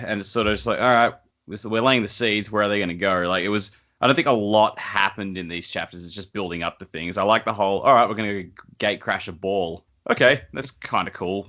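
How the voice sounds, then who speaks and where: A man with a low, bright, forceful voice talks through a fantasy book in loose, rambling chat. He jokes along the way and restarts his sentences often. The audio is dull and lo-fi. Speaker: podcast co-host. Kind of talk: casual book-club chat.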